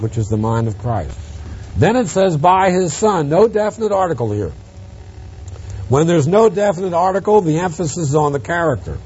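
A man preaching an expository Bible lesson, emphatic, rising on stressed words and dropping quiet on asides. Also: a little high, slightly rough, dull audio. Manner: emphatic, swings from loud stresses to quiet drops.

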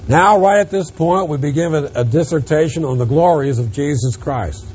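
A man preaching an expository Bible lesson, emphatic, rising on stressed words and dropping quiet on asides. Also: on the high side, moderate pace, dull audio, a little hiss or hum. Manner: emphatic, swings from loud stresses to quiet drops.

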